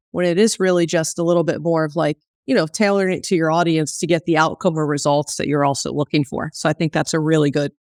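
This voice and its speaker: A woman's voice: low-pitched, a little mellow, dry recording, studio quality. A woman hosting an interview, asking questions and reflecting thoughtfully, sometimes searching for words. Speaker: podcast host.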